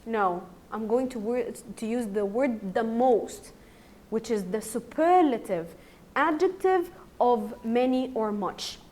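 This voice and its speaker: Slow Egyptian teacher drilling grammar. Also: female voice, fairly high pitch, animated, a little mellow. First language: Arabic. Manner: slow, repeats words for drilling. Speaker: primary school English teacher. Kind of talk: recorded grammar lesson.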